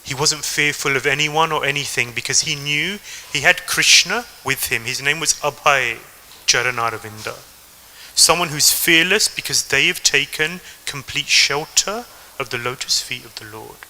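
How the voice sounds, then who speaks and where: English male temple speaker, storytelling manner, very bright voice. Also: mid-range voice, normal speed, slight background noise, low-quality recording. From England. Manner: storytelling, addresses the audience directly. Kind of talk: devotional talk.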